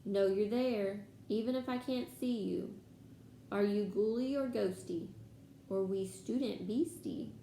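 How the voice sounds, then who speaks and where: Sly, greasy male poltergeist, wheedling and sing-song, read aloud by a woman, slightly gravelly, echoey room. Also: mid-range voice, measured pace, dark tone, a little hiss or hum, natural voice. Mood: taunting.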